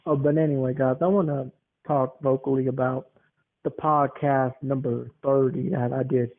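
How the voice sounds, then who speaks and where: A man's voice: mid-range voice, flat delivery, normal speed. A man in his twenties hosting a podcast, telling stories in a rambling, chuckling way. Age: 20s. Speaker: podcast host. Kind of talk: casual rambling monologue. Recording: tinny phone-like lo-fi sound.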